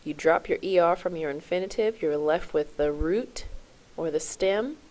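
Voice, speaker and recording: Woman, French teacher, lowish voice, chants endings, quizzes class with "okay?". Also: moderate pace, darkish tone. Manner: spells out endings in a rhythmic chant. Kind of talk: classroom lesson video.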